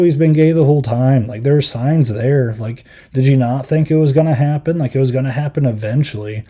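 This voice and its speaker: A man's voice: mid-range voice, brisk, few pauses, warm tone. A man hosting a podcast, giving a rambling, filler-heavy review in casual chat, exasperated and given to acting out quotes in mocking voices. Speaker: podcast host.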